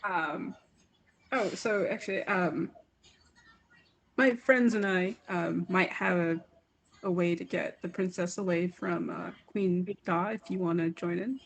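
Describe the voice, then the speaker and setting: A woman playing a tabletop game, dry and halting in her lines. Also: fairly low pitch, steady tone, creaky. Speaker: player. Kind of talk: casual tabletop play.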